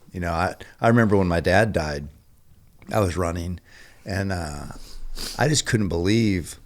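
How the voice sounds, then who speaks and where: A man as a podcast guest, speaking earnestly and haltingly as he searches for his words. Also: deep voice. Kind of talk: casual conversation.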